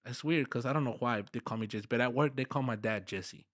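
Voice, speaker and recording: A man's voice: mid-range voice, fairly quick, no echo, clean studio sound. A man from Dallas, Texas, telling work stories in a casual, slangy way as a podcast guest, acting out his talks with his workers and dropping in Spanish phrases. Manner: animated, slangy, acts out dialogue with workers. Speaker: podcast guest, construction business owner. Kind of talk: casual conversational storytelling.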